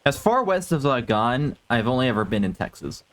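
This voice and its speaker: A man from the United States chatting casually on a live stream, soft-spoken and a bit hesitant, laughing often. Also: medium pitch, sing-song, fairly quick.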